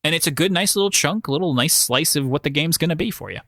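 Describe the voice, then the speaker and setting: A man's voice: on the high side, quick pace, bright, forceful tone, no room sound, studio quality. A man co-hosting a gaming podcast in casual chat, joking and teasing his co-host.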